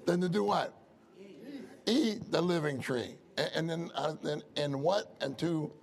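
Preacher, man, gravelly tone, chatty sermon style, asks the room questions. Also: fairly high pitch, a little slow. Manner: conversational, asks the congregation questions. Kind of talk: church sermon.

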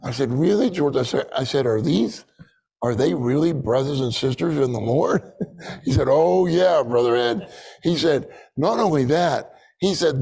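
A man's voice: medium pitch, lively intonation, a little slow, vocal fry, darkish tone, breathy edge, low-quality recording. An older man giving a conversational sermon testimony, telling stories and acting out what people said, with a laugh now and then. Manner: storytelling with laughs, acting out dialogue. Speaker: church speaker sharing a testimony.

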